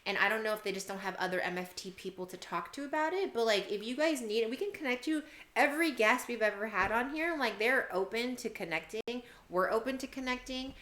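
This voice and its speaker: A woman's voice: a little high, expressive, brisk, hardly any pauses, fairly bright tone, reverberant. A woman in her thirties co-hosting a podcast, chatting in a friendly, inviting way with lots of fillers. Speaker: podcast co-host. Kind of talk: casual podcast chat.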